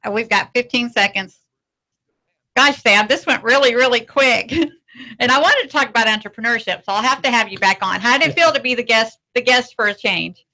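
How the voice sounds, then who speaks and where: A woman from Texas hosting a casual radio talk show in a studio, friendly and quick to laugh. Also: a little high, pushed and bright, low-quality recording. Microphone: studio microphone.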